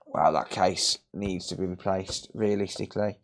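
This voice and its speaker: A man's voice: low voice, fairly even intonation, normal speed, noisy background. Sweary man ranting at workbench. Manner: blunt, sweary, joking ranting. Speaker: streamer repairing consoles live. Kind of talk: casual live-stream chat. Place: repair workbench.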